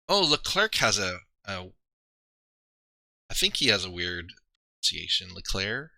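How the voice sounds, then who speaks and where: A man's voice: sits low, big pitch swings, a little slow, creaky, pauses often, pushed and bright, no echo. A man chatting casually on a livestream, rambling and thinking aloud with many fillers and restarts. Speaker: streamer and league player.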